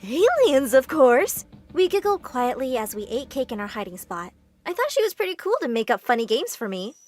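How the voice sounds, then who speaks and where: High, animated woman narrating a cartoon. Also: fairly quick. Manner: animated, expressive storytelling. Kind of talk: scripted first-person narration of an animated story.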